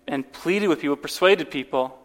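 A man's voice: a little high, normal speed. A man preaching a sermon, telling a personal story earnestly and often restarting his words. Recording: long reverb of a large hall.

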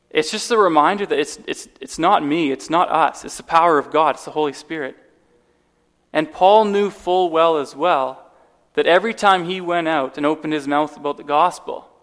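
A man's voice: on the high side, a bit bright. A man preaching a sermon, telling a personal story earnestly and often restarting his words. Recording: long reverb of a large hall.

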